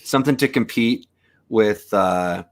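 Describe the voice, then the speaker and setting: A man's voice: lowish voice, unhurried. Rambling man on a video call. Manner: relaxed, rambling, many fillers and restarts. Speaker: camera shop co-host. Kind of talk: casual shop talk on a video call.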